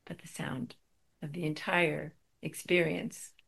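A woman's voice: deep voice, flat delivery, slow, creaky, a bit bright, slightly rough. A middle-aged woman giving a spiritual talk, telling a personal story with wry, self-deprecating humor.

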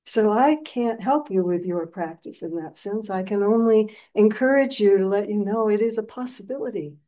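A woman meditation teacher gives a dharma talk with a soft, mellow tone. She tells stories playfully and acts out scenes as she goes. The voice sits at an ordinary middle pitch. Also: normal speed, low-quality recording. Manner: playful storytelling, acting out scenes.

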